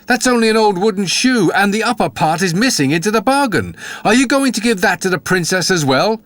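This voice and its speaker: A man's voice: high-pitched, expressive, a little fast, fairly bright tone, dry recording, pitched above the performer's own voice. A man voicing proud young brothers who sneer with scorn. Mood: scornful. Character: two mocking young men, proud and scornful.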